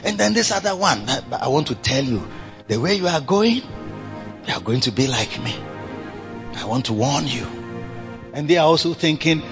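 A man's voice: fairly high pitch, expressive, normal speed, pauses often. A man, preaching a sermon with sing-song calls and exclamations. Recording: dull lo-fi recording with faint music.

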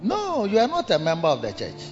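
A man's voice: high voice, wildly swooping pitch, a little fast, long reverb tail, highs cut off, soft background music. A man preaching a sermon as a pastor, dramatic and acting out the voices of others. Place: large church hall.

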